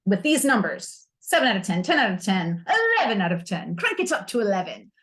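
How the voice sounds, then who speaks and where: A woman's voice: mid-range voice, very animated, a little fast, a bit bright. A woman hosting a self-help podcast, talking candidly and with humor, using playful slang. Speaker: podcast host.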